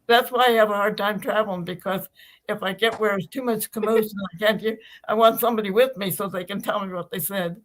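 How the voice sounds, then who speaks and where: A woman's voice: mid-range voice, fairly even intonation, quick pace, a little hiss or hum, poor audio. Chatty elderly woman. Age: older. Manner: chatty, warm storyteller, rambling with restarts. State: uses hearing aids. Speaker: guest. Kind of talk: casual chat.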